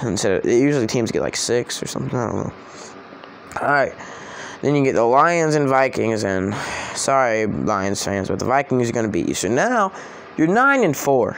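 A man's voice: mid-range voice, very animated, normal speed, slight background noise. A man giving casual spoken predictions for a vlog, rambling and often correcting himself. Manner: rambling, self-correcting, chatty. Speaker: sports vlogger.

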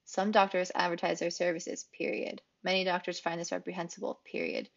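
Woman teaching grammar, clear and explanatory. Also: lowish voice, flat delivery, a little fast, lo-fi sound. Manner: clear, explanatory, repeats key phrases for emphasis. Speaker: English teacher. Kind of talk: grammar lesson.

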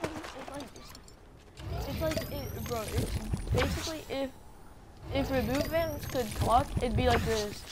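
A woman streaming a game live, chatting casually in an excitable, slangy way and giggling often. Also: high-pitched, a little slow, heavy background noise. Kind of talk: casual live gameplay chat.

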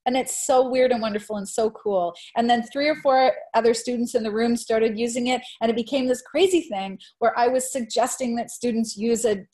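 A woman presenting on education in a webinar, answering questions earnestly and reflectively, warming into animated storytelling. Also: a little high. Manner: earnest, reflective, often hedging with "I think"; grows animated when retelling classroom stories. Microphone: video call.

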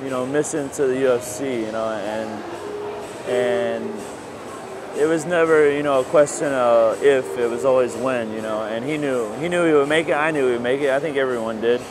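Guy talking slow about his buddy, lots of you know, noisy hum behind. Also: mid-range voice. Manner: soft-spoken, leans heavily on "you know". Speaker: close friend and former roommate. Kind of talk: reflective interview.

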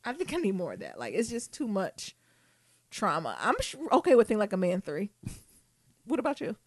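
A woman co-hosting a podcast, chatting casually in an animated, swearing, playful and teasing way. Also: mid-range voice, moderate pace, no echo, studio quality. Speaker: podcast co-host. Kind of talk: casual chat.

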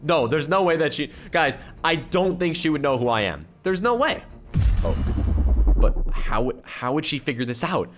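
Excitable man doing gameplay commentary. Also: a little high, normal speed, faint music behind. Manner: excitable, exclamatory, keeps repeating "oh my goodness"; reads other players' chat aloud in his own voice. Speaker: YouTuber gaming host. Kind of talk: let's-play gameplay commentary.

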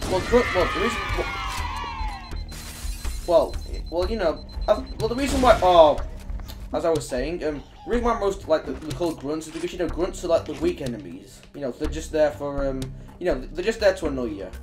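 A man's voice: on the high side, lively intonation, fairly quick, soft background music. A man giving casual, joking gameplay commentary while playing co-op, prone to sudden yelps. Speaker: co-op gamer.

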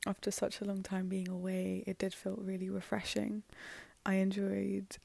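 A woman in her twenties vlogging casually to camera, chatty and excitable, with many fillers. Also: mid-range voice, normal speed, creaky. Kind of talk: casual vlog chat to camera.

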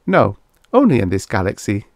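A man voicing a calm, formal alien oracle machine that speaks in measured, unhurried sentences. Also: on the low side, gravelly, no room sound, studio quality, exaggerated voice.

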